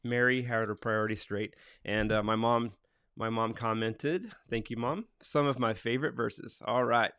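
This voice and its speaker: A man's voice: mid-range voice, normal speed, a bit bright, clean tone, no echo, studio quality. A middle-aged man hosting a casual morning devotional livestream, reading Bible passages aloud and then chatting loosely about them and about viewers' comments. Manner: reads scripture aloud, then chats loosely and answers comments from the live chat. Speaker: livestream host reading scripture.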